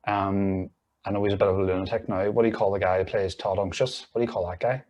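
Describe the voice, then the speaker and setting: A man's voice: sits low, steady tone, fast talker, darkish tone, dull audio. A young man with a Northern Irish accent, chatting as a guest on a comedy podcast with sweary, jokey banter. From Northern Ireland. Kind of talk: casual comedy chat.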